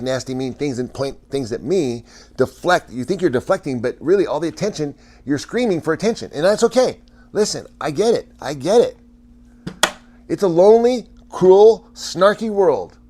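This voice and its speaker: A man's voice: on the high side, expressive, fairly quick, a little mellow. A man hosting a casual livestream, chatting with viewers in a rambling way, often stammering, restarting and laughing.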